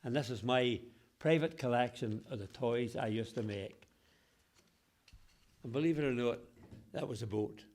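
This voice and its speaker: An octogenarian man from Ballywalter, Northern Ireland, speaks in a mid-range, slightly mellow voice at normal speed, pausing often. Interviewed as a local historian, he reminisces about his childhood in broad local dialect and a Northern Irish accent, chuckling frequently as he tells the stories.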